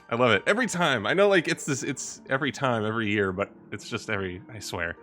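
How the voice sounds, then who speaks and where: A man giving casual let's play commentary, reacting excitedly and swearing now and then. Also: mid-range voice, fast talker, hardly any pauses, soft background music.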